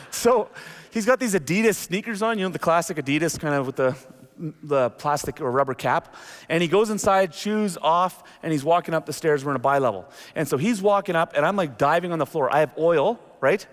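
Middle-aged male pastor, slightly high voice, animated storytelling sermon, reverberant church hall. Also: fairly quick. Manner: animated storytelling, jumps into acted quotes. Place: church sanctuary. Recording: long reverb of a large hall.

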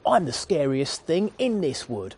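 A man's voice: on the high side, big pitch swings, measured pace, darkish tone, slightly rough, voice pushed up, full character voice. A man voicing a small, clever male field mouse in a children's story retold during a sermon. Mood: indignant.

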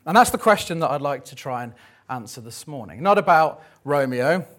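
At a church service, a man in his thirties with a slightly high voice preaches at a moderate pace. He's relaxed and conversational, slipping in jokes and frequent ums between points.

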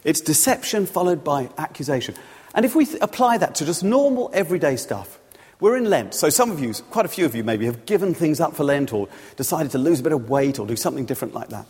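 A man's voice: a little high, very animated, fast talker, a little mellow, slightly rough. A man preaching a sermon, telling the story and illustrating it with everyday examples. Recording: long reverb of a large hall.

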